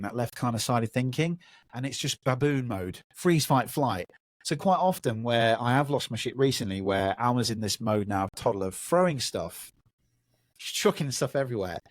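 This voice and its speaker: Fields: Sex: man. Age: 30s. Role: podcast host. Style: lively casual storytelling. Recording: dry, close. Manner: animated, acts out voices. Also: mid-range voice, moderate pace, no echo.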